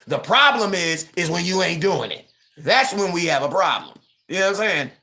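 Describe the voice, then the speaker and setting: A man in his thirties hosting a live stream, ranting casually about sports, animated and mocking, with quick impressions and frequent laughs. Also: sits high. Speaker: livestream host.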